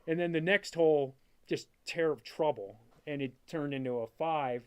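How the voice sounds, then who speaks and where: Animated, slightly high-voiced middle-aged man. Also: clear, resonant tone. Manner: animated, quick storyteller, full of "like" fillers, acts out his own past lines. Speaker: guest, father of a disc golf player. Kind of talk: casual storytelling in an interview.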